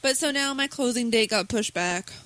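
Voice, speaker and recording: A woman's voice: fairly high pitch, normal speed, a bit bright, dry recording. A woman with a Southern American accent co-hosting a podcast, chatty and giggly in casual talk. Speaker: podcast co-host. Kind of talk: casual chat.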